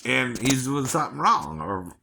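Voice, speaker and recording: A man's voice: mid-range voice, big pitch swings, normal speed, creaky, pushed and bright, slight background noise. A man from Georgia talking in a rambling casual monologue, chuckling often and tagging "right, right" onto his points.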